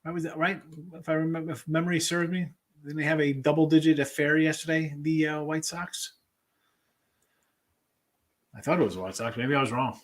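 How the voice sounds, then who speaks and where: A man's voice: fairly high pitch, brisk, long pauses. A man hosting a sports betting show, chatting loosely with viewers and jumping between topics. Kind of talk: casual livestream chat reading viewer comments.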